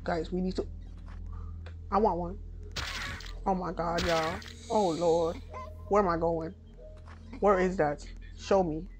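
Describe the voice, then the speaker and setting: A young woman giving live gameplay commentary, excitable, jumping between loud yelps and low mutters. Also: slow pace, long pauses, background noise. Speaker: let's play gamer.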